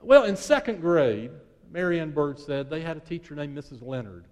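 A male pastor preaching a sermon, telling a story in hushed tones that rise and build, then leading a prayer. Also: fairly high pitch, expressive, moderate pace, in a large hall.

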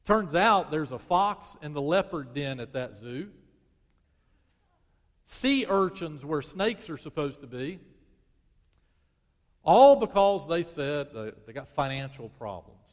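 A man preaching a sermon as pastor, swinging from loud emphasis to hushed prayer. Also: on the high side, sing-song, takes it slowly, long pauses. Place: church sanctuary. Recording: long church hall reverb.

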